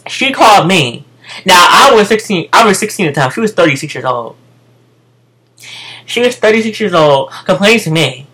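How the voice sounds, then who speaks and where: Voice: mid-range voice, very animated, a little fast, sharp tone, low-quality recording. An American speaker telling a casual storytime rant to viewers, profane and emphatic, often repeating phrases. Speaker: vlogger.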